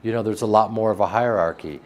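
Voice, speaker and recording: Joking man with a flat Midwestern accent. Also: on the low side, quick pace. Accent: flat Midwestern American. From American Midwest. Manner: animated, joking, laughs often, with frequent restarts. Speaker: actor being interviewed. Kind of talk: casual interview chat.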